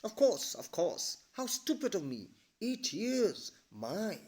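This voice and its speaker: A man's voice: high-pitched, very animated, slow, a little mellow, voice pushed up, full character voice. A man voicing a jolly male bus conductor who teases a little girl in mock-polite tones. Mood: teasing. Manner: playful, mock-polite teasing.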